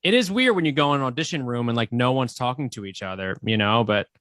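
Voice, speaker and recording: A man's voice: mid-range voice, expressive, quick pace, fairly bright tone, dry recording, clean studio sound. Man co-host, loose rambling chat. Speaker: comedian co-host. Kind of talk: casual interview chat.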